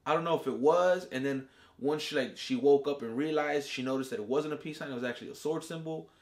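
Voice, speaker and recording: A man's voice: on the high side, fast. A man hosting a casual TV episode review, talking in slang with plenty of swearing and acting out the characters' reactions. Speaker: reviewer and show host.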